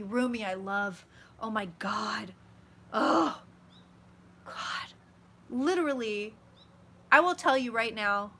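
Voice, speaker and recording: Bright, gushing woman chatting live. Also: fairly high pitch, expressive, unhurried, pauses often, slight background noise. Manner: chatty, gushing, swears freely. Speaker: psychic vlogger. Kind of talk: casual live-stream chat. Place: at home.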